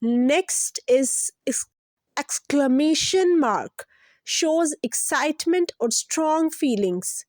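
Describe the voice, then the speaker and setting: A woman hosting a children's lesson, explaining each point slowly and simply, repeating it and asking the kids to guess. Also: high voice, lively intonation, a little mellow, no echo, clean studio sound. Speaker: children's teacher, channel host.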